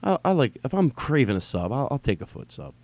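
A man's voice: medium pitch, sing-song, a little fast, a little mellow, no room sound. A man hosting a podcast, talking in a loose, rambling way, swearing now and then and stopping to act out text messages. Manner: rambling, swearing, mimics texts in sing-song voice. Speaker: podcast host. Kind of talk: casual rambling podcast monologue.

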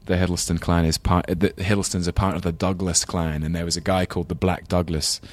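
A man's voice: sits low, flat delivery, fairly quick, darkish tone. An English man with a London accent, chatting thoughtfully as an interview guest, self-deprecating with many restarts. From England. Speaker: guest, actor. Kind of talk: casual interview chat.

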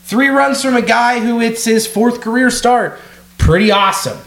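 A man co-hosting a podcast, chatting casually about sports, excitable and swearing freely. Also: very high-pitched, normal speed, creaky. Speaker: podcast co-host. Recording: roomy echo.

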